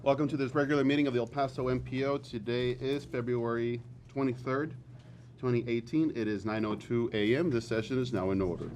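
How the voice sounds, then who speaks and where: A man chairs a formal public meeting in a brisk, procedural manner. The recording is noisy, with a steady hum of the meeting room behind his voice. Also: mid-range voice.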